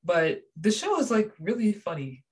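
A young woman chatting casually about a TV show, animated and gushing, with many fillers. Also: medium pitch, normal speed. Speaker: show reviewer. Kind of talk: casual chat.

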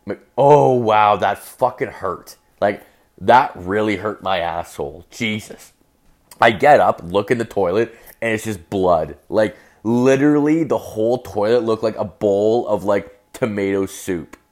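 A young man with a somewhat low voice tells a story in a loose, rambling monologue. He swears almost every line and fills his sentences with "like". The delivery is casual and podcast-style. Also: unhurried, a little mellow. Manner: profane, rambling, heavy use of filler "like". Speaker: podcast host.

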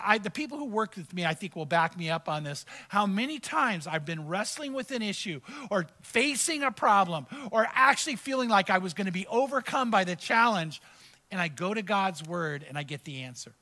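A man's voice: high voice, bright, forceful tone. A male pastor preaching a sermon, reading verses aloud and teaching through personal stories in a conversational way.

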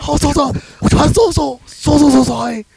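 A man putting on the voice of a male action star who keeps apologizing in high, repeated bursts. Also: a little fast, vocal fry, very noisy. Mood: apologetic.

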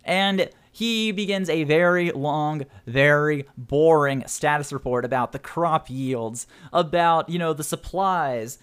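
A young man narrating as game master in a tabletop game, casual and quick to laugh. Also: on the high side, smooth. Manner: laughs often, casual and animated.

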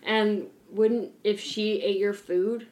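A young woman trading celebrity gossip in a loose, giggly way. Her voice sits at an ordinary middle pitch. She fills her stories with likes and ums. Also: fairly even intonation, slow pace, darkish tone, reverberant. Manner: chatty, giggly, lots of fillers. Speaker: podcast co-host. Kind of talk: casual gossip chat.

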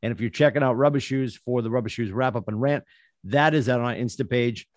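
A man's voice: mid-range voice, a little fast, no echo, clean studio sound. A man hosting a casual sports podcast, upbeat as he wraps up the show with plugs. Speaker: podcast host.

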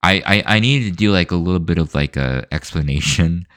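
A man with an extremely deep, low voice talks through a solo opinion rant on his own show. He rambles, stops and restarts, and fills the gaps with hesitant fillers. The sound is dry and close, with no room around it. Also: a little fast, fairly bright tone, dry recording. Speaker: show host.

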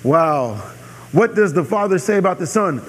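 A man's voice: high voice, expressive, normal speed, a bit bright, slightly rough, long reverb tail. A man preaching a sermon as pastor, emphatic and repeating his key lines, often asking the audience if they are with him.

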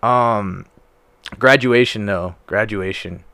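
A man's voice: fairly low pitch, slow pace, bright, forceful tone, dry recording. A young man casually telling stories on a podcast, laid-back and full of swearing and fillers. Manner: profane, laid-back storytelling with lots of fillers. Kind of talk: casual chat.

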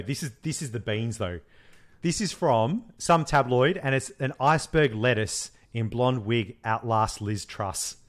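Mid-pitched man, jokey co-host, reads memes out with a laugh. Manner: jokey, laughs while reading memes aloud. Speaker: podcast co-host. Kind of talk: casual chat.

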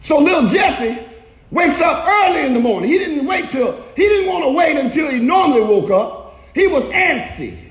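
A male pastor preaching a sermon in a church, shouting often and calling for the congregation to respond. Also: very high-pitched, sing-song, normal speed, reverberant, low-quality recording.

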